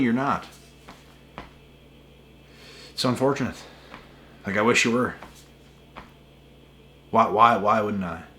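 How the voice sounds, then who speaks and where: A man's voice: lowish voice, bright, forceful tone. A man hosting a spiritual channel, ranting to camera in an emphatic, repetitive way with a lot of swearing. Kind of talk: casual rant to camera.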